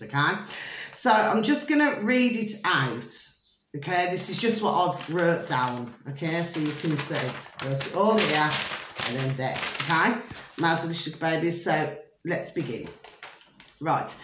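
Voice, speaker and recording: A woman's voice: sits low, animated, measured pace, a bit bright, echoey room, a little hiss or hum. A woman vlogging in a casual rambling monologue, checking with her viewers again and again. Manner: chatty, repeats filler tags like "okay?" and "do you see?". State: hot and itchy.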